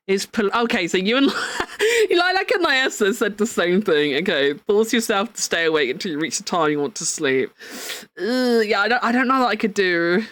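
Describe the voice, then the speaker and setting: A woman chatting casually on a live stream, excitable, swearing and laughing often. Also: medium pitch, no echo. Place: home room at a desk.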